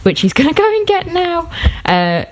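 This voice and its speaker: A young woman chatting as a podcast guest, self-mocking and quick to laugh. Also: very high voice, very animated. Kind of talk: casual chat.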